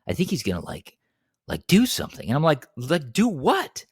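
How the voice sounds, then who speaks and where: A young man in a casual podcast chat, telling a story in an animated way and acting out quotes in a higher voice. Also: moderate pace, breathy edge, no room sound, clean studio sound. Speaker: podcast co-host.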